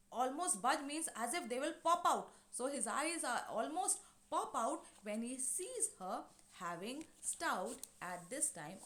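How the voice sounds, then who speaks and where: A woman teaches a class, going slowly over each point and filling the gaps with "you know" and "uh." Her voice sits fairly high and rings in an echoey room. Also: slight background noise. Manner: explains slowly with many fillers and restatements. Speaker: English teacher. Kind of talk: explaining a play to a class.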